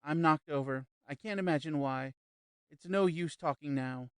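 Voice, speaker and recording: A man voicing a young gentleman who speaks in a composed, lightly amused way. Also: a little high, normal speed, clear, resonant tone, no echo, close to an everyday voice. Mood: calm. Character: young gentleman, calm, wry and unshaken.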